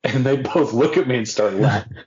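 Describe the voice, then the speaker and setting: An older man, an actor and podcast guest, telling an animated, self-deprecating anecdote and acting out the voices of people he quotes. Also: mid-range voice, brisk. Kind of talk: anecdotal storytelling. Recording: dull lo-fi audio.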